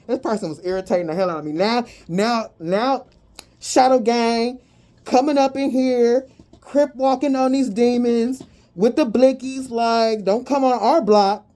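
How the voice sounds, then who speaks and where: With a fairly high pitch and a measured pace, a woman gives her viewers a tarot and energy reading. She chats in slang with plenty of energy and breaks out in sudden whoops.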